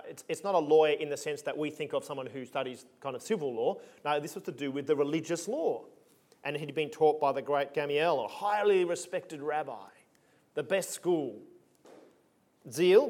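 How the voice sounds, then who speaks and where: A man's voice: on the high side, normal speed, a little mellow. Emphatic man preaching. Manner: conversational, emphatic, punchy asides. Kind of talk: sermon.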